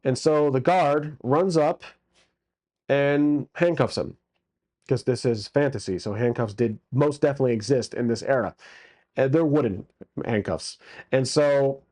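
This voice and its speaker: A man's voice: mid-range voice, measured pace, a little mellow. A man casually narrating a solo tabletop game as its game master, with crude jokes and many fillers.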